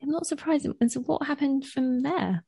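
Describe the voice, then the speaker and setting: A woman's voice: high voice, lively intonation, normal speed, creaky, dark tone. A woman hosting a podcast interview who asks questions and gives short, sympathetic reactions. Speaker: podcast host.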